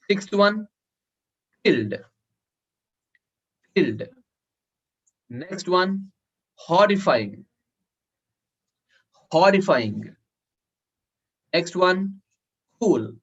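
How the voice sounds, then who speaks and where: A man's voice: on the high side, fairly bright tone, breathy edge. A man teaching public speaking in an online workshop, giving instructions and repeating words so people can note them. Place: online video call. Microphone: video call. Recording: dull lo-fi video call audio.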